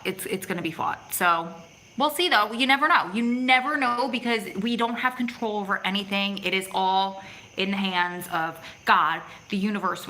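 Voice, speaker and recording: A woman's voice: mid-range voice, bright, forceful tone, low-quality recording. A middle-aged woman hosting a casual livestream outdoors on her phone, chatty and reading out viewers' comments as she answers them. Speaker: vlog host reading live chat. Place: outdoors in the city at evening.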